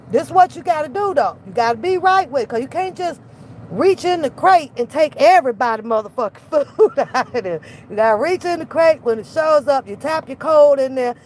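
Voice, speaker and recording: A woman vlogger chatting casually, telling loud, profane, laughing stories. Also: sits high, slight background noise. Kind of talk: casual chat.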